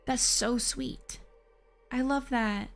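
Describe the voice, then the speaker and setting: A woman's voice: sits high, fairly even intonation, slow, creaky, faint music behind. A woman streaming a video game, talking casually and animatedly, swearing freely. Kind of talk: casual let's-play commentary.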